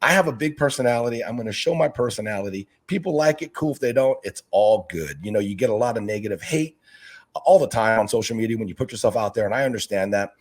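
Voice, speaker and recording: A middle-aged man, a fish-keeping video maker and basketball coach, chatting as a guest in an interview, energetic and talkative, acting out what people say to him. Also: on the low side, fast. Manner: energetic, talkative, acts out quoted exchanges. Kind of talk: casual interview chat.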